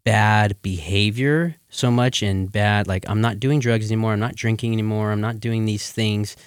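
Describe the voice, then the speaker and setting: A man speaking as a guest in a casual chat, earnest and relaxed, with many "you know" fillers. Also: fairly low pitch, normal speed, clean tone, dry recording, clean studio sound.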